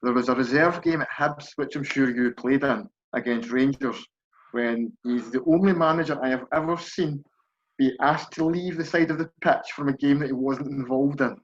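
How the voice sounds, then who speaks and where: A man's voice: medium pitch, moderate pace. A man co-hosting a football podcast, telling a casual anecdote and hedging with "I believe.". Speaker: podcast co-host. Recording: dull lo-fi audio.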